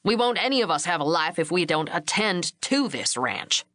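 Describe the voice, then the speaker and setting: A woman reading an audiobook voices a gruff, commanding middle-aged ranch patriarch who barks curt orders at his grown sons. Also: on the high side, very animated, normal speed, fairly bright tone, no echo, studio quality.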